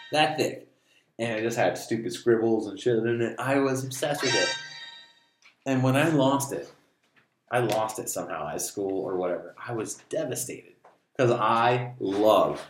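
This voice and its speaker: A man co-hosting a casual podcast, joking and swearing in a loose, animated way. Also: fairly low pitch, moderate pace, music in the background. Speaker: podcast co-host. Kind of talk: casual chat. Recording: echoey room with faint noise.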